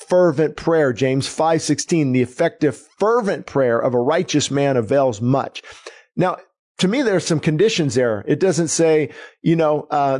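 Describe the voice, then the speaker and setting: Man, middle-aged, pastor, sermon, earnest, emphatic, repeats phrases, slightly high voice. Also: a little mellow.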